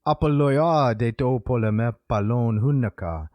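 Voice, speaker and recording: A man reciting the lines of a troubled old man in slow, measured verse, in the style of a reconstructed ancient reading. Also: medium pitch, darkish tone, dry recording, natural voice. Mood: declaiming.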